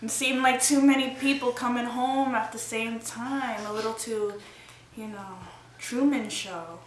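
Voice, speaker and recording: A woman's voice: a little high, a little slow, reverberant, slight background noise, low-quality recording. A woman chatting casually with her husband, adding joking asides and laughing. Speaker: vlog host. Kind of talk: casual storytime chat.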